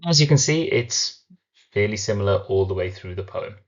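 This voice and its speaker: A man teaching a recorded literature lesson, explaining step by step and slowing down to sound out syllables. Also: on the low side, expressive, highs cut off.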